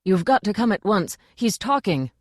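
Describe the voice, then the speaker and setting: A woman narrator voicing an earnest male dwarf playwright with low, muttering country speech. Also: big pitch swings, moderate pace, a little mellow, dry recording, clean studio sound. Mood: excited.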